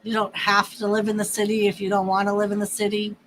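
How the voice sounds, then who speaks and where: A woman from the northeastern United States hosting a livestream, chatting casually in a drawn-out, easygoing way with laughs. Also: mid-range voice, completely flat delivery, a bit bright, a little hiss or hum, low-quality recording. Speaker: livestream host. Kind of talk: casual chat with viewers and a partner.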